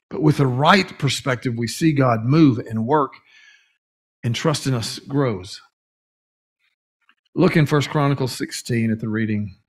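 Earnest man preaching a sermon. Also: medium pitch. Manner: earnest, with stretched emphatic words and brief restarts. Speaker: pastor. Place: church sanctuary.

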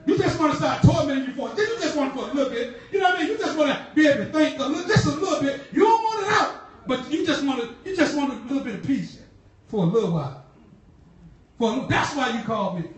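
Heard from a distance in an echoey church hall, this high-pitched woman talks fast and with plenty of animation. She is preaching a sermon, telling slangy, conversational stories and hammering home key lines with fervent shouts and laughter.

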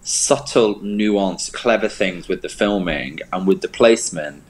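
A man's voice: low voice, a little slow, poor audio. A man co-hosting a film review show, talking in an enthusiastic, casual way and repeating words for emphasis. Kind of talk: casual chat.

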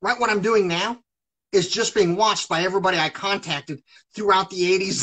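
A man's voice: high voice, normal speed, fairly bright tone, breathy edge, poor audio. A man talking on a live stream in an agitated, rambling monologue, swearing heavily. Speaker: livestreamer.

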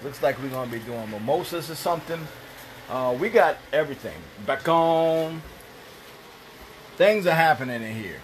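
A man's voice: mid-range voice, expressive, a little fast, a little hiss or hum, poor audio. A man with a Jamaican accent hosting a cooking live stream from a home kitchen, chatting playfully and greeting viewers by name. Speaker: livestream host. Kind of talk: casual live-stream chat reading viewer comments.

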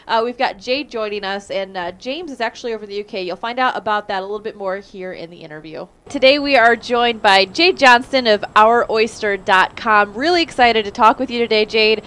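Woman host on a live web show, talks kinda high, chatty, lots of uh's. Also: brisk, few pauses, fairly bright tone, clear, resonant tone. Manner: chatty, laughs easily, filler "uh"s. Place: Indiana, US.

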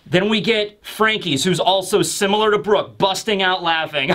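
A man's voice: high voice, normal speed, hardly any pauses, fairly bright tone. A man hosting a manga review who talks in an emphatic, insistent, joking way. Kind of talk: casual commentary video.

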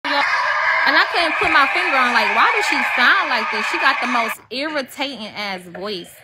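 A woman's voice: sits high, lively intonation, normal speed, heavy background noise. A woman in her twenties giving a profane, mocking commentary rant and repeating taunting questions. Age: 20s. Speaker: commentary vlogger. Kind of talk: ranting commentary.

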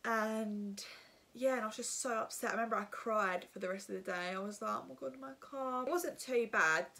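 A woman's voice: mid-range voice, fairly quick, sharp tone. A young woman tells a casual storytime to her viewers, rambling with lots of fillers. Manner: rambling, filler-heavy, chatty. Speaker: vlogger.

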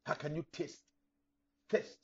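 A man's voice: slow pace, fairly bright tone. A middle-aged man preaching a sermon as pastor, emphatic, acting out imagined listeners. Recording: dull lo-fi recording.

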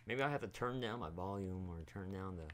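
A young man with a lowish voice rambles through his gameplay, swearing freely and chatting at the characters on screen. He talks into a desk mic at home. Faint hiss and keyboard clicks sit behind him. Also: brisk. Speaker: gaming YouTuber. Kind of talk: casual gameplay commentary.

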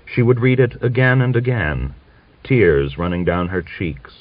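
A man reading a novel as an audiobook narrator, in a measured, solemn manner. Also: deep voice, very animated, no echo. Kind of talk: scripted literary narration. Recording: dull lo-fi old recording.

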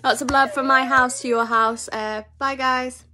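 Chatty higher-voiced woman reading tarot. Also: fairly even intonation, unhurried, over music. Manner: chatty, upbeat, with frequent ums. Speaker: tarot reader. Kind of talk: casual tarot reading to camera. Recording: distant mic with faint noise.

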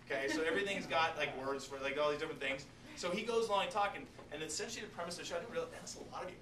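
A biology teacher lecturing his class, animated and joking, talking straight to his students. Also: fairly high pitch, racing. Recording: echoey classroom, distant mic, noisy.

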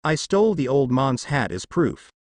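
A brash, cocky teenage ninja prankster, read aloud by a man. His delivery is lively and swings in pitch. The sound is dry and close to the mic. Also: normal speed, no room sound, natural voice.

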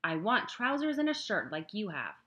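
A woman reading an audiobook, voicing a stubborn street girl who argues loudly and indignantly. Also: medium pitch, sing-song, normal speed, pitched above the performer's own voice. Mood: demanding. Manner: indignant, raised voice.

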